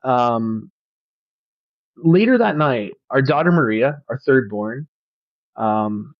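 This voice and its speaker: A man's voice: mid-range voice, animated, slow, dry recording. A man with a mid-range voice tells a personal story as a pastor on a podcast, earnest and reflective, circling back and restarting his phrases. The sound is dull and a little lo-fi, close and dry with no room around it.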